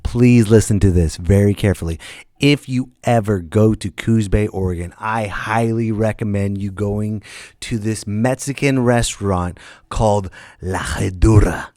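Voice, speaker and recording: A man with a fairly low voice hosts his own comedy podcast, spinning road stories in a loose, chatty monologue. He keeps breaking into loud, animated impressions of the people in them. The sound is close and dry, with no room around it. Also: normal speed, dry recording. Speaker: podcast host and stand-up comedian. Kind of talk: casual storytelling monologue.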